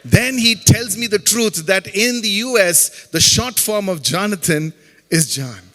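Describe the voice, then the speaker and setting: A man's voice: high-pitched, expressive, unhurried, pushed and bright. A middle-aged man from Chennai with an Indian English accent, giving a humorous, faith-based talk as a guest speaker and tossing jokey asides to the audience. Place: campus auditorium. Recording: long hall reverb in an auditorium.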